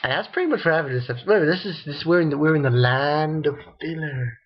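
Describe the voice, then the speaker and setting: A man with a somewhat high, husky voice recaps an episode in loose, excitable talk. He rambles, restarts his sentences and breaks into laughter. The sound is dull and lo-fi, like a cheap home mic. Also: fast talker. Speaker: anime episode reviewer. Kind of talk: casual spoken episode recap.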